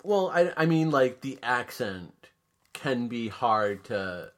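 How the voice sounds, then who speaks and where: A man's voice: medium pitch, very animated, slow pace, fairly bright tone. A man chatting casually as a podcast guest, rambling and hesitant with lots of fillers.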